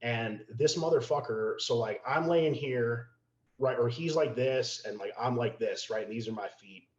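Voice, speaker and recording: Speaking at a normal speed with medium pitch, a male podcast guest gets animated as he tells a casual story laced with profanity, performing each person's lines. The recording has a roomy, slightly muffled podcast quality.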